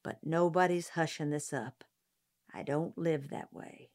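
A woman giving voice to a steady, principled small-town lawyer and father in a slow audiobook reading. He speaks calmly but firmly, earnest and unbending, in a low, unhurried voice. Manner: calm, firm and earnest.

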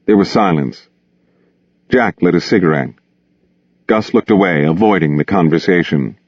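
Deep voiced guy narrating an audiobook, expressive, dry dull lo-fi sound. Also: moderate pace, pauses often, no room sound. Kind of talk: scripted narration.

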